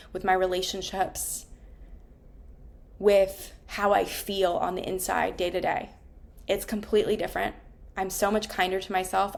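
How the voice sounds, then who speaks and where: A woman's voice: medium pitch, vocal fry. Candid woman therapist, swearing freely. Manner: candid and emotional, swears often. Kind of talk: reflective personal monologue.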